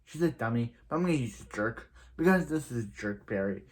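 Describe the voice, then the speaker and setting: A man's voice: medium pitch, lively intonation, a little fast. A man recapping a TV episode in a casual, rambling way, with many restarts and filler words. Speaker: show reviewer.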